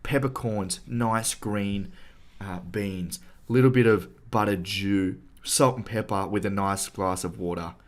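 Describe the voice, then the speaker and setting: A man's voice: on the low side, measured pace. A man co-hosting a podcast, telling a story in a playful, boasting way. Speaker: podcast co-host. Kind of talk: casual chat.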